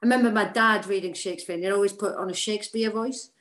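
Chatty actress in a roomy space. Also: female voice, mid-range voice, fast. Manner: chatty, animated, frequent restarts. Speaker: actor, podcast guest. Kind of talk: casual interview chat. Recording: roomy echo.

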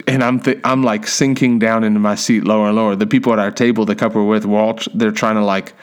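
A man's voice: on the low side, level tone, fast, hardly any pauses, clear, resonant tone. A man telling casual, self-deprecating personal stories in a rambling, conversational way. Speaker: storyteller.

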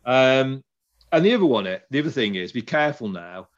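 A man's voice: mid-range voice, sing-song, moderate pace, lo-fi sound. Rambling man chatting about watches. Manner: rambling, restarts often. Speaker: podcast host. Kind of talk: casual chat.

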